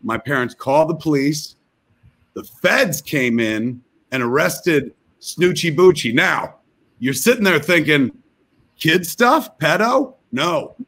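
A man's voice: on the high side, slow, husky. Profane New man spinning a tall tale. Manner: rambling, profane, deadpan storytelling. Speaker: guest filmmaker telling a comic story. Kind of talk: comic storytelling on a video call.

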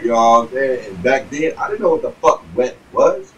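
Guy spinning a long, cussing story, loud then mumbling, recorded a bit far off with light hiss. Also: lively intonation, fast, hardly any pauses. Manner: profane, rambling, peppered with "you know what I'm saying"; swings between loud bursts and low muttering. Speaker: vlogger telling a life story. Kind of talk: casual storytelling monologue. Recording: distant mic with faint background noise.

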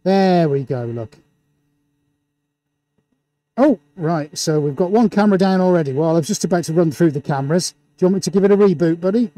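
A man hosting a live painting stream in an indoor studio, talking through a face mask and calling out viewer shout-outs with showman-like excitement. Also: high voice, a little fast, no room sound. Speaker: livestream host and painter.

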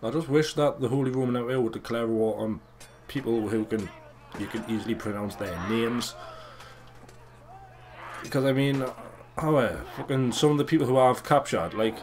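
A young man giving casual, crude and excitable commentary over a video game. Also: mid-range voice, moderate pace, long pauses, slight background noise. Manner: crude, swearing, excitable and joking. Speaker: let's play gamer.

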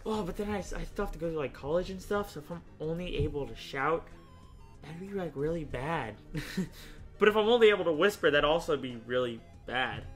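A young man hosting a casual gaming video, chatting and thinking out loud, often laughing as he rambles through choices. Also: on the high side, expressive, a little fast, faint music behind. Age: young adult. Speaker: YouTube host playing a choice game.

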